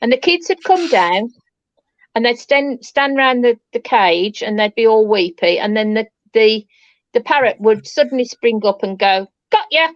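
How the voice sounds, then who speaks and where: A woman on a paranormal chat panel, telling a lively anecdote and repeating phrases as she goes. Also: on the high side, normal speed, no echo, lo-fi sound. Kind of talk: casual chat.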